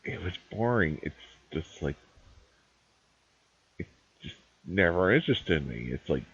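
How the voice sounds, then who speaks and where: A man's voice: low-pitched, big pitch swings, measured pace, fairly bright tone, breathy edge, dry recording. A man streaming live, chatting casually and rambling through opinions while he games. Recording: dull lo-fi dry stream mic.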